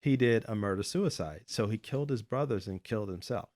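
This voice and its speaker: A man hosts a casual podcast chat, speaking in a low register with a dry, close sound. He rambles through stories and drops blunt jokes along the way. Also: brisk, a little mellow, no room sound. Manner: rambling storyteller, joking and blunt. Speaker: podcast host.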